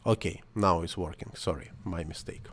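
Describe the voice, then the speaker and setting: A man whose first language is not English, talking through a screen-recorded 3D software tutorial in halting English, thinking aloud and correcting himself as he goes. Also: low-pitched, a little hiss or hum.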